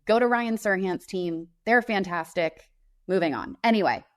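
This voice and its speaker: A woman's voice: medium pitch, lively intonation, moderate pace. A woman co-hosting a podcast in casual chat, telling a story in a blunt, emphatic way. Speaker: podcast co-host.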